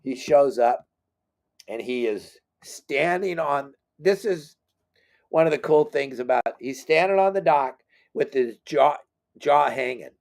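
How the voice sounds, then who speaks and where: A man's voice: on the high side, measured pace. Brief: middle-aged man, fishing guide, casual storyteller with a self-deprecating streak. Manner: animated, self-deprecating, acts out quotes. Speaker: fishing guide and boat captain.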